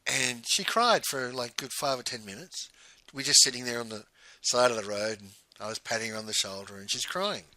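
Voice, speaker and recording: Male storyteller, very bright tone, dry close sound, conversational and full of quoted dialogue. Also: medium pitch, steady tone, fairly quick, no echo, rough recording. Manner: conversational, often quoting dialogue. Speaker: host. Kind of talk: personal storytelling.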